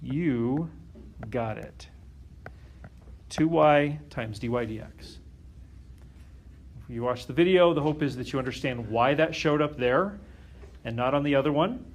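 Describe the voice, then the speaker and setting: A man's voice: mid-range voice, moderate pace. A man teaching a calculus lesson to a class, often stopping to question the students and check that they follow. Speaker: math teacher.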